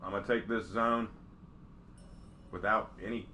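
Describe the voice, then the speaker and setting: A man's voice: fairly low pitch, steady tone, unhurried, pushed and bright, slight background noise. A young man hosting a game stream, chatting casually and laughing often. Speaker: streamer and host. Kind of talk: casual chat while gaming.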